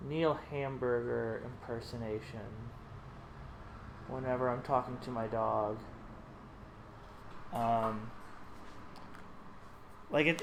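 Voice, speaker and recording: A man chatting casually while painting a pinball playfield, low-key, rambling and often cutting himself off mid-sentence. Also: slight background noise. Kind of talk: casual chat while working.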